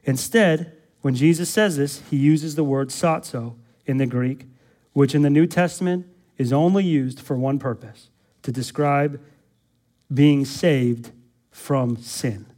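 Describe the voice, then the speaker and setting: A man with a somewhat high voice delivers an expository sermon as pastor. He is emphatic, doubles back on key words and keeps putting questions to his listeners before answering them himself. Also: unhurried, darkish tone. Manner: emphatic, repeats words, asks the congregation rhetorical questions.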